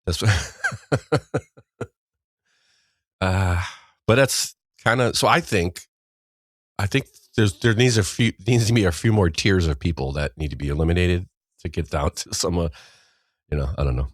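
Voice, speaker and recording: Deep-voiced wry podcast host. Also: male voice, measured pace, pauses often, no room sound, studio quality. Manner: rambling, wry, trails off mid-sentence. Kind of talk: casual news chat.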